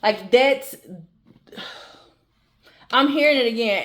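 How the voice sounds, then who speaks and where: A woman's voice: on the high side, measured pace. A woman giving a tarot reading to her viewers, blunt and emphatic, swearing freely and repeating phrases for emphasis. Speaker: tarot reader. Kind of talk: channel tarot reading, casual and direct to viewers.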